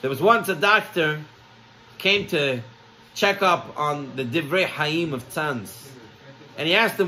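A man, a rabbi, giving a storytelling sermon, lively and acting out the people in his stories. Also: slow pace, a little hiss or hum, rough recording. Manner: animated storytelling, acts out quoted characters with raised pitch.

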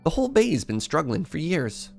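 A man's voice: on the high side, big pitch swings, normal speed, vocal fry, soft background music. A man voicing a tired, wistful middle-aged widowed fisherman father in a game. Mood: weary.

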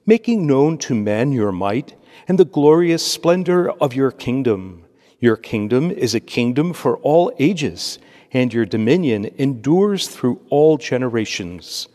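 A man as a priest, reading scripture and preaching a homily in a measured, steady cadence. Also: medium pitch. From United States. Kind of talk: liturgy and homily. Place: church. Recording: long church reverb.

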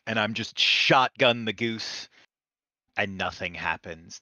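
A man taking part as a player in a casual tabletop role-play game, laid-back and deadpan. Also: on the low side, takes it slowly, no echo.

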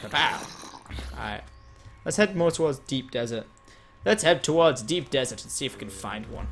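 A man giving excitable live gameplay commentary as a game streamer, chatting with and thanking his viewers. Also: mid-range voice, normal speed, faint music behind.

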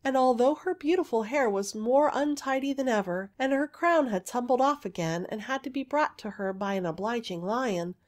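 A woman narrating a fairy tale aloud in a gentle, even storytelling manner. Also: a little high, normal speed, few pauses.

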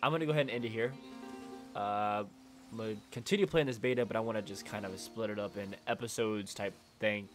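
A young man with a nasal voice giving excitable, swearing gameplay commentary as a channel host. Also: fairly low pitch, quick pace, faint music behind. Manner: excitable, swearing, loud outbursts.

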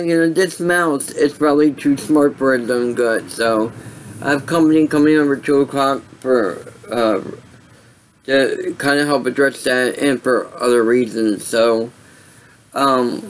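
A man's voice: mid-range voice, rough recording. A tired man casually telling a personal story on his vlog, rambling with many fillers and restarts. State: tired, yawning. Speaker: vlogger.

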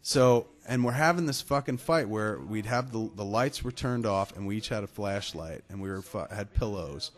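A podcast co-host with a lowish voice talks at normal speed with hardly any pauses. In casual chat, he tells a rambling, profanity-laced story punctuated by laughs.

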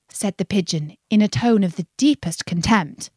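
A woman reading a children's storybook aloud in an expressive way. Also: medium pitch, breathy edge, dry recording, studio quality. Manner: slow, expressive, lilting reading.

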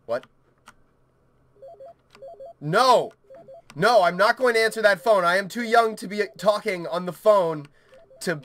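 Bright-voiced panicky young gamer man. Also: high voice, moderate pace, long pauses, slight background noise. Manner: panicky, swearing, rambling to himself. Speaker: gaming YouTuber. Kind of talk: horror game let's play commentary.

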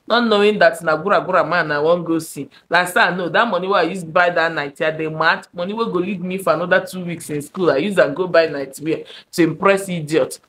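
Animated young Nigerian woman telling a story. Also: lowish voice, fairly quick, few pauses, slight background noise. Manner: animated, dramatic storyteller, shifting between loud and hushed. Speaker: vlogger. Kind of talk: storytime monologue.

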